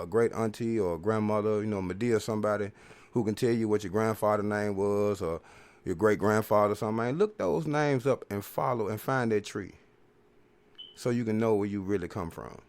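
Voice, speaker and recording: A man hosting a podcast, rambling through a casual, profane, preachy monologue full of repeated filler phrases. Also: lowish voice. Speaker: podcast host.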